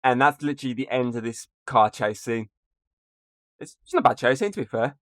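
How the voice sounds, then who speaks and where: A man's voice: mid-range voice, animated, fairly quick, no room sound, studio quality. A man hosting a casual film-review podcast, recapping the plot and leaning on "obviously" and "uh" as he goes. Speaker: podcast host.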